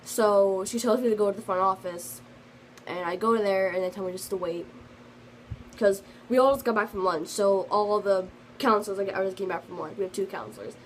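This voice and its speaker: A woman's voice: medium pitch, brisk, slight background noise, low-quality recording. A teenage girl telling a storytime vlog in a rambling, casual way, full of fillers, and slightly sick. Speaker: vlogger.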